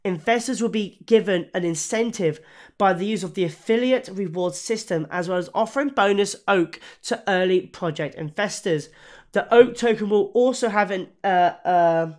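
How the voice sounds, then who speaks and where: A male YouTuber with a high-sitting, slightly mellow voice casually reviews a crypto project to camera at a moderate pace. His talk is full of fillers, restarts and self-corrections, and he's interrupted by bouts of hiccups.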